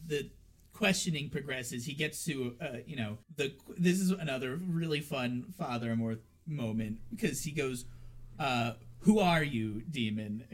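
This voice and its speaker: A man co-hosting a casual horror movie podcast, chatty and quick to laugh, with lots of filler words. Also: mid-range voice. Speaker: podcast co-host.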